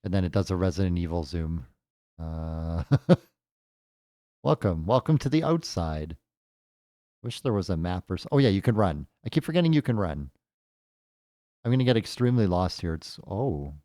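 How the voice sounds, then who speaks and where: A man's voice: sits low, animated, brisk, mellow, no echo, clean studio sound. A man casually commentating as he plays a game for the first time, thinking aloud with jokey asides. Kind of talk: casual let's-play commentary.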